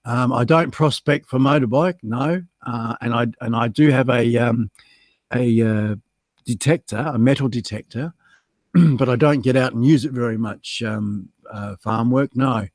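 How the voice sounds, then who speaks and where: A man's voice: mid-range voice, measured pace, darkish tone, no echo. Chatty Australian man, dry close sound. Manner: chatty, self-mocking, reads chat aloud with many ums. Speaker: livestream guest host. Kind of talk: casual livestream chat.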